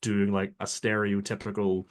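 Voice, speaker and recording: A man's voice: lowish voice, monotone, normal speed. A man, a guest who is a professional dungeon master, chatting casually in a rambling, self-deprecating way with lots of fillers. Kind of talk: casual chat.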